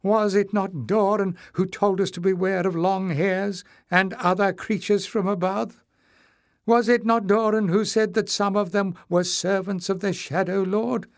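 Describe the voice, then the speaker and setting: A man reading an audiobook, voicing an elderly goblin woman who speaks slowly and indignantly. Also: high voice, fairly even intonation, voice pushed up. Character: old woman goblin elder, proud and fierce.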